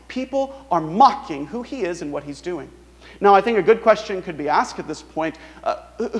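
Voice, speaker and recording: A man preaching a sermon in an earnest, emphatic way. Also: big-room sound. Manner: earnest, emphatic preaching, voices the mockers in a higher sneering tone. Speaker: pastor.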